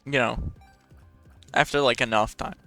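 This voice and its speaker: Excitable young man, smooth voice. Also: mid-range voice, unhurried, no room sound, soft background music. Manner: excitable, profane, rambling. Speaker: podcast host. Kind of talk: casual rambling chat.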